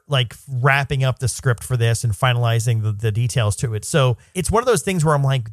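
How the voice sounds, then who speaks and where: A man's voice: medium pitch, dry recording, studio quality. Rambling, thoughtful man podcaster. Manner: thoughtful, rambling musings with restarts. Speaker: podcast co-host; parent. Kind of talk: casual movie podcast chat.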